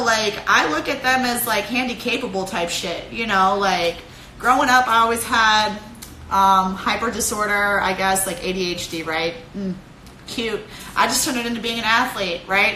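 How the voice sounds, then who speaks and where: Young woman, Cleveland accent, bright voice, swears a lot, laughs often, phone live stream, echoey room. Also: medium pitch, slight background noise. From Cleveland, Ohio. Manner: profane, animated, laughs often. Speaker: fighter streaming live to followers. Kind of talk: casual live-stream pep talk.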